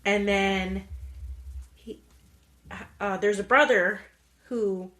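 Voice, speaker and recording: A woman's voice: mid-range voice, fairly even intonation, very slow, fairly bright tone. Woman podcast cohost, chatty, retells the movie doing little voices for the characters. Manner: chatty storyteller, acts out characters' lines. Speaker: podcast co-host. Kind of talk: casual chat recapping a film.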